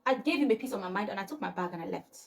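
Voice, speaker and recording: A young woman, telling a personal story to camera in a casual, animated way and acting out the dialogue. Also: very fast, gravelly. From Nigeria. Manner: animated, acts out quotes with rising pitch, laughs between lines. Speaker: storytime vlogger.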